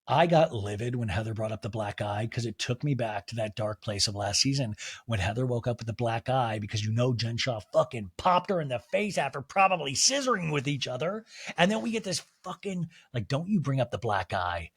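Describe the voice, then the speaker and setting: Animated, profane man recapping TV. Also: mid-range voice, brisk, husky. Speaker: podcast host. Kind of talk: solo comedic TV recap.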